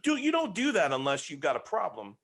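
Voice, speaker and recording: A man hosting a podcast, reviewing a film in casual chat and telling it as an animated, joking story. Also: on the high side, brisk. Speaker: podcast host.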